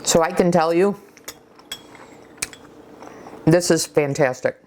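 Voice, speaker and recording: A woman's voice: fairly low pitch, takes it slowly, a little mellow, slight background noise. A woman hosting a casual cooking vlog, talking chattily with fillers and restarts as she runs a taste test. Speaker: cooking channel host.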